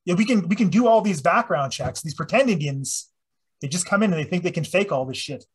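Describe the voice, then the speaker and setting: Brief: husky man with a high voice, swearing as he spins a story. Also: fairly quick. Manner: profane, animated storyteller. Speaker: presenter. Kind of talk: casual storytelling talk.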